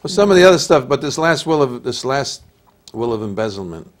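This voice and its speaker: A man's voice: mid-range voice, sing-song, a little fast. An older man with an Italian-American accent and a nasal voice, telling stories as an actor guest in a casual interview. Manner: storytelling, easygoing.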